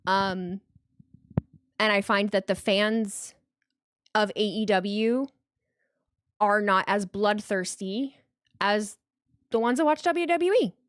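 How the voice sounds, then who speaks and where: A woman's voice: medium pitch, slow pace, pauses often, dry recording, studio quality. A woman hosting a live wrestling watch party, reading super chats and apologizing a lot, tripping over her words and swearing casually.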